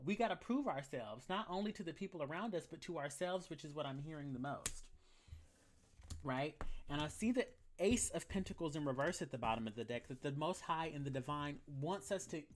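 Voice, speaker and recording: A tarot reader hosts a live collective reading with a sassy, blunt delivery full of casual slang. Key phrases come again and again for emphasis, and comments from the chat get answered on the fly. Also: medium pitch.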